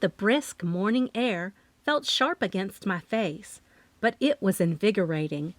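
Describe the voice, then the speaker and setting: Woman reading a cozy mystery, lively animated voice, dry close mic. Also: medium pitch, measured pace, no room sound. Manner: expressive, lively storytelling. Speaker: audiobook narrator. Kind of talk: first-person mystery narration.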